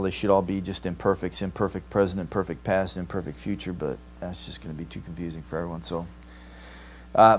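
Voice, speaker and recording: A man's voice: medium pitch, darkish tone. A man teaching a Greek grammar class, explaining patiently and checking in with "right?" often. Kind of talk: classroom lecture. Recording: live stream capture.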